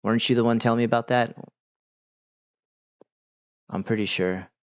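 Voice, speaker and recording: This man hosts a livestream and answers his chat in a relaxed, slangy way, packed with fillers. His voice sits at medium pitch with fairly even intonation and a moderate pace. The recording has a dull, lo-fi quality.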